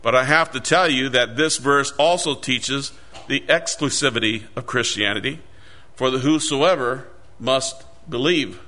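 Bright-voiced man preaching a sermon. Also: mid-range voice. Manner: earnest, emphatic, slows for scripture quotes.

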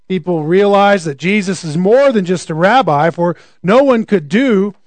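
Man, high voice, sermon, conversational, rhetorical questions, dry close sound. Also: dry recording. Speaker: preacher.

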